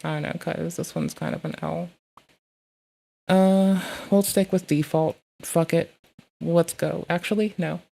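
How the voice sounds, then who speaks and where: A woman streaming live, chatting casually and swearing while she fiddles with her software and reads messages aloud. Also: fairly low pitch, fairly even intonation, measured pace, vocal fry.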